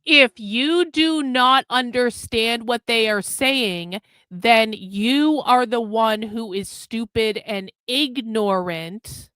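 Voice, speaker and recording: A woman's voice: fairly high pitch, bright, forceful tone, clean tone, dry recording. A woman hosting a livestream, bluntly scolding viewers in the chat with heavy profanity. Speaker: livestream host.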